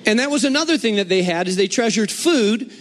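High-voiced man preaching in a reverberant hall. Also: a little fast. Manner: animated storytelling with humor. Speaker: pastor. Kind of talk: sermon.

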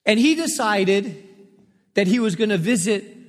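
High-voiced pastor preaching in a reverberant hall. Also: male voice, expressive, measured pace. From Spain. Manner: storytelling with emphatic repetition. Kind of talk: sermon.

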